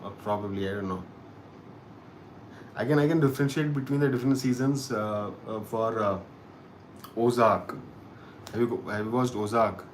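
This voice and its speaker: A man's voice: on the low side, a little hiss or hum. A man hosting a casual live-stream chat, musing aloud and often restarting his sentences. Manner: halting and musing, with frequent restarts. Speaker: host of a live chat show.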